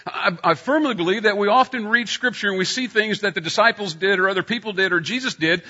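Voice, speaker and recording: A middle-aged man preaching in a storytelling way, his voice bright and a touch high. He turns loud when he acts out a scene. The recording sounds dull and lo-fi. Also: fast talker. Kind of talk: sermon with personal story.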